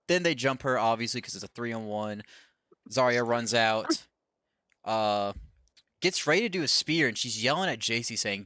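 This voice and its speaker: A man's voice: medium pitch, expressive, normal speed, bright, forceful tone, no room sound, studio quality. A man hosting a casual podcast, chatting loosely and swearing freely, often acting out what others said. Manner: rambling, loose, swears freely, acts out quotes. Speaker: podcast host. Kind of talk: casual chat recapping wrestling.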